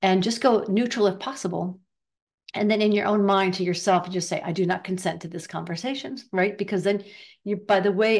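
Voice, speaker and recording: Older woman, casual spiritual talk to camera, chatty and riffing, lower register. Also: a little mellow. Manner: chatty, riffing, acts out gossip in quick voices. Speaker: spiritual teacher.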